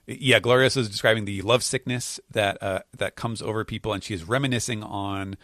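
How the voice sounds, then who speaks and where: A man's voice: on the low side, fairly even intonation, brisk, a bit bright, no echo, studio quality. A man hosting a casual podcast chat, explaining things hesitantly with many fillers and restarts. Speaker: podcast host. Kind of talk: casual chat recapping comics.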